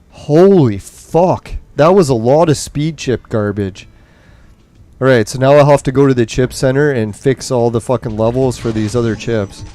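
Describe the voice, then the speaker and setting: A gaming streamer with a mid-range, dark-toned voice commentates on a mobile game while playing. Going through nicotine withdrawal, he rants angrily and swears nonstop.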